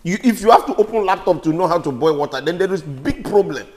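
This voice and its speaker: Incredulous husband with lively voice. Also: male voice, high-pitched, fast talker, in a large hall, a little hiss or hum. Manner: incredulous, laughing, exasperated. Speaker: husband in couple vlog. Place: home kitchen.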